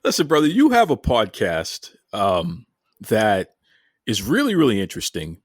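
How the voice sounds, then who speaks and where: Lively stammering Boston host. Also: male voice, lowish voice, normal speed, no room sound, studio quality. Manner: jokey, stammering, lively teasing. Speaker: podcast host. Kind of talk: casual interview chat.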